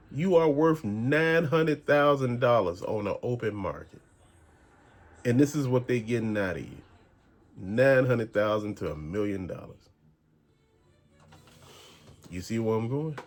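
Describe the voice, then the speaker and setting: A man hosting a rambling conspiracy-theory rant, talking in an emphatic, slangy way. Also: medium pitch. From American South. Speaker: channel host.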